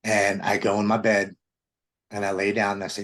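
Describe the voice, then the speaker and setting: Husky-voiced man telling his testimony. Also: lowish voice, flat delivery, normal speed, a bit bright. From Maryland, United States. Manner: earnest and emotional, quoting his own past thoughts aloud. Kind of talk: personal testimony storytelling.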